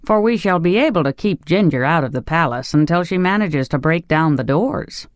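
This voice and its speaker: Narrator doing gentle tin man, formal and precise, storybook reading, dry sound. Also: mid-range voice, expressive, moderate pace, dry recording, lightly acted. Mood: earnest.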